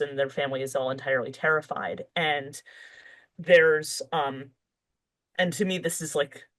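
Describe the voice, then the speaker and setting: A woman author appears as a podcast guest, thinking aloud in a loose interview full of fillers and restarts. Her voice is low-pitched, and the recording quality is poor.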